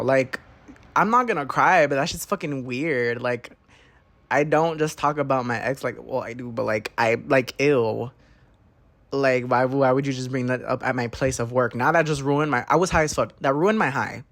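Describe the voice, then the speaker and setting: A young man hosting a podcast, telling a story in an animated, gossipy way, swearing often and saying "like" constantly. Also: medium pitch, normal speed. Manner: animated, gossipy, profane, heavy use of "like". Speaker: podcast host. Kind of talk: casual storytime monologue.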